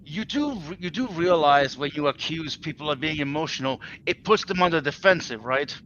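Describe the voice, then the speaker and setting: A man on a live-stream panel debate who talks in halting restarts and swears. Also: a little high, expressive, fairly bright tone. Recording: slightly muffled mic with faint hiss.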